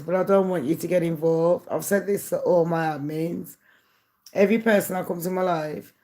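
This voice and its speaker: A woman's voice: lowish voice, a little mellow. A woman talking straight to her viewers in a candid, aggrieved monologue. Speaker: YouTuber. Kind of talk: casual monologue to camera.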